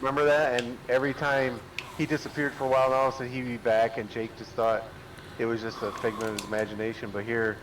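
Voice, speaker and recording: A man co-hosting a casual chat, recounting memories in an unhurried way. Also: mid-range voice, level tone. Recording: noisy background.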